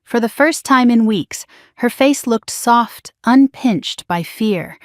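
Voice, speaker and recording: Hushed woman narrating a drama story. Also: on the high side, lively intonation, takes it slowly, dry recording, studio quality.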